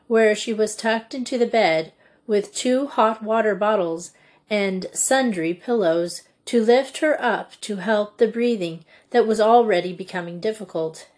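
Slow, measured woman storybook reader. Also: mid-range voice, a little mellow. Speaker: audiobook reader. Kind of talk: storybook narration.

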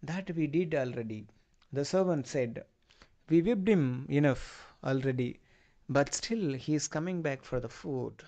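A man lecturer, retelling a play for a class in loose, halting phrasing with many fillers. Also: on the high side, warm tone. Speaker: literature lecturer.

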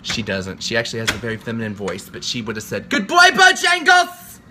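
A man, chatting in a sassy, animated vlog while walking his dog outdoors on a handheld phone. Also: on the low side, fast, a little hiss or hum. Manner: animated, sassy, playful running commentary. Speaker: vlogger. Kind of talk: casual vlog chat.

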